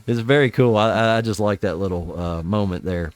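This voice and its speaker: A middle-aged man talks through a show in loose, rambling podcast chat, cursing casually as he goes. His voice sits on the low side, and the sound is dry and close with no room around it. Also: a little fast, smooth, no echo. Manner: rambling, swears casually, quotes scenes in voices. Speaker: podcast host.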